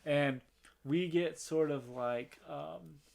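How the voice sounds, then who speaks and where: A man's voice: a little high, slow pace, vocal fry, a little mellow. A man co-hosting a podcast, chatting casually about a film with lots of fillers and restarts. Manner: rambling, many fillers, acts out quoted lines. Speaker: podcast co-host. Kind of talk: casual movie review chat.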